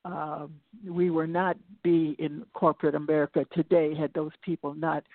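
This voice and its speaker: A woman's voice: deep voice, level tone, moderate pace, no room sound. An older woman speaking as an interview guest, telling stories in a reflective, digressive way that often restarts and circles back to her point. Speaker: interview guest, singer and lecturer. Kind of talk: reflective conversational storytelling. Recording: tinny phone-line audio, dry.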